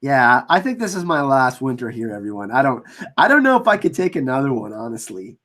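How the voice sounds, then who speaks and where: A man hosting a casual livestream, chatting with viewers and reading out their comments and shout-outs. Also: medium pitch, big pitch swings, fairly quick. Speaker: livestream host. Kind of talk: casual live-stream chat.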